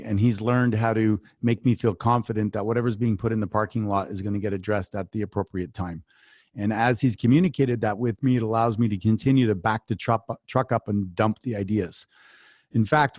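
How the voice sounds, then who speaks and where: Male founder guest, interview, energetic storyteller, middle pitch, dry close-miked sound. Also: dry recording. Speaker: business coach and guest. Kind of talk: conversational interview answers.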